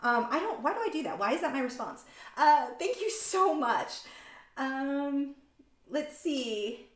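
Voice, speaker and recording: A woman chats casually while hosting a painting livestream from her home studio. Her voice sits a little high and rings in a roomy space. She rambles and corrects herself mid-sentence. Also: big pitch swings, measured pace. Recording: roomy room sound.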